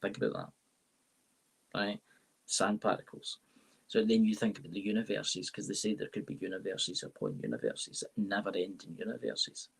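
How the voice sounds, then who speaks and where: A man's voice: on the low side, moderate pace. A Scottish man, a tarot reader and paranormal podcaster, talking in a rambling way on a live-stream interview and often saying "right?". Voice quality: gravelly, husky. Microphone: live-stream mic.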